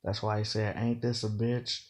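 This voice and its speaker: A man with a low, mellow voice talks through rap lines in a casual breakdown, unpacking slang and double meanings. He repeats the lines and fills in with "you know" as he explains. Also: little pitch movement, moderate pace. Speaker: battle rap commentator. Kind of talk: casual bar breakdown commentary.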